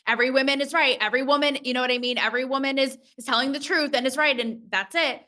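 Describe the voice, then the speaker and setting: An outspoken woman speaking as a podcast guest, frank and quick to swear. Her voice is bright and forward, pitched a little high for a woman. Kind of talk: casual chat.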